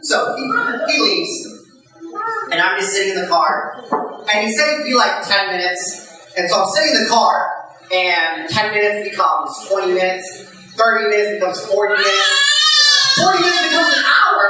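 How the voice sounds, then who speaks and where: A man telling a comic story to a live audience in a cafe, animated and jumping high when he quotes himself. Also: normal speed, a crowd in the background. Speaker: storyteller speaker. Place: cafe event space. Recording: echoey live room from far off.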